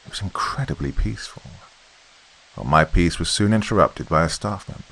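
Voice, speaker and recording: Deep-voiced man narrating a horror story. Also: expressive, brisk, gravelly, fairly bright tone, rough recording.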